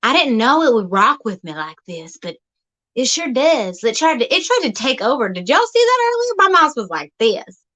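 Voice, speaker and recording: A woman's voice: a little high, sing-song, normal speed, a bit bright. A woman hosting an outdoor vlog, rambling in a folksy, teasing comic monologue. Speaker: vlog host.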